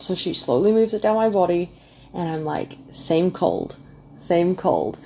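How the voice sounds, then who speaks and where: A young woman casually telling her birth story, animated and full of "like" fillers. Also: on the low side, brisk, creaky, husky. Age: young adult. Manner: chatty, animated, many "like" fillers.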